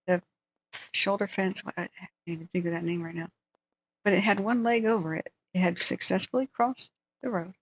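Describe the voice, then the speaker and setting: A woman hosting a live stream chats casually and thinks aloud while telling a story. Her mid-range voice is a bit bright with no echo, and the recording has a dull, dry lo-fi sound.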